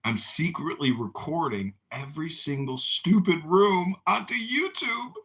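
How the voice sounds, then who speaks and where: A man hosting a casual chat on a voice-chat app, talking in a low, offhand, mumbling way. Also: expressive, measured pace, fairly bright tone. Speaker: host.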